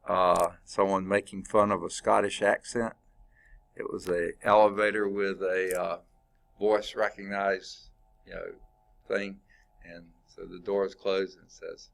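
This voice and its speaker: Low-voiced man teaching math. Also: flat delivery, measured pace, creaky, a bit bright. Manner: works problems aloud, quizzing students; informal and chatty, with asides. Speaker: math instructor. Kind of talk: classroom lecture. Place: classroom.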